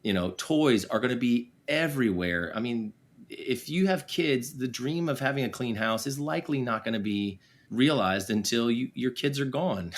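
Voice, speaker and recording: A man's voice: medium pitch, normal speed. A man in his forties, a podcast guest talking candidly and self-deprecatingly about his parenting, laughing easily and using a lot of fillers. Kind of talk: casual candid conversation.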